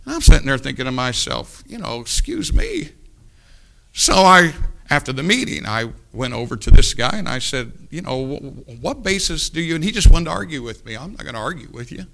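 A man preaching a sermon, telling a folksy story in a hushed voice and then rising into loud exhortation. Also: medium pitch, sing-song, fairly quick, gravelly.

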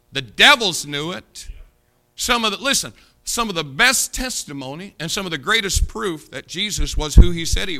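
A man preaching an impassioned sermon, swinging from loud declarations to low, confiding asides. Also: gravelly. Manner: impassioned, rises loud on key points, drops low to confide.

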